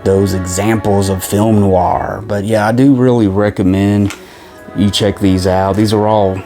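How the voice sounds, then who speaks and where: A man's voice: on the low side, level tone, unhurried, dark tone, faint music behind. A man casually reviewing movies from his collection, rambling with lots of fillers and restarts. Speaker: film collection vlogger.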